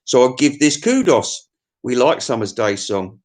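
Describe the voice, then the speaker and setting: A man's voice: mid-range voice, very animated, measured pace. A man giving a rambling, crude comic monologue, swearing freely and chuckling as he reviews albums.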